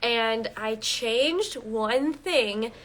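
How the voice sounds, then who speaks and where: A woman's voice: on the high side, extremely slow, fairly bright tone. A young woman hosting a casual livestream from home, talking chattily with lots of fillers. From northern Colorado. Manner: chatty, lots of "like" and "um", apologetic asides. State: out of breath. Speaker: livestream host. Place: home, indoors.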